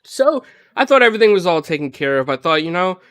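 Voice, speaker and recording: A man on a gaming podcast, casually retelling a story in an animated way, full of "like" and "you know". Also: sits high, quick pace, clear, resonant tone, no echo. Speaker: podcast panelist.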